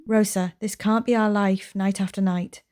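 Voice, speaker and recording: A woman's voice: mid-range voice, little pitch movement, normal speed, darkish tone, faint music behind, lightly acted. A woman voicing a stern older grandmother who scolds bluntly, reading game dialogue aloud. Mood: scolding.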